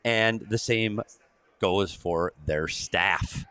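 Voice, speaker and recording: A man co-hosting a casual live sports chat, excitable and chummy, calling people buddy. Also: fairly low pitch, extremely slow, clean tone, no room sound. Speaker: sports podcast co-host.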